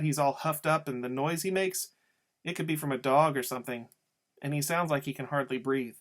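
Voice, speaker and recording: A man's voice: on the high side, a bit bright. A man reading a novel aloud as an audiobook, telling the story in a casual first-person voice. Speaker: audiobook reader.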